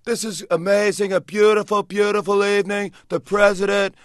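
A bragging TV mogul, put on by a man, pours out gushing superlatives in a voice pushed well above his own and much louder. The delivery is close and dry, with no room sound. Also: high voice, level tone, normal speed, dry recording, voice pushed up, natural voice. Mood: boastful. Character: boastful male TV mogul, impression of a public figure.

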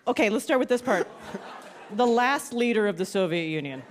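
Lively woman quiz host. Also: fairly high pitch, brisk. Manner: bubbly, laughs often. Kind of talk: live radio quiz hosting.

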